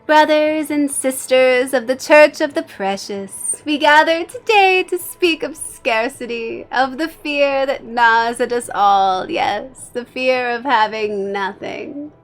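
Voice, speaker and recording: A woman voicing a scheming male Gollum-like bishop, who preaches a sermon in a drawn-out, hissing, wheedling way. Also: high voice, soft background music, voice pushed up. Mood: pleading. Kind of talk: fire-and-brimstone sermon role-play.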